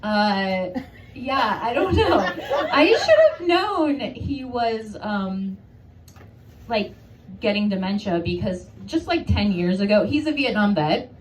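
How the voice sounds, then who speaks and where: A woman's voice: medium pitch, big pitch swings, takes it slowly. A woman performing a stand-up comedy set, telling stories in a conversational, self-deprecating way. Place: comedy club stage. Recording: noisy club room from a distance. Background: audience laughter.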